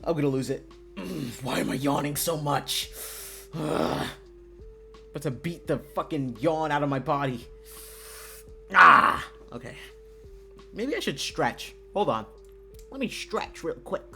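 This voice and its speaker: Excitable streamer with loud outbursts. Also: mid-range voice, unhurried, vocal fry, pauses often, faint music behind. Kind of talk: casual live-stream commentary.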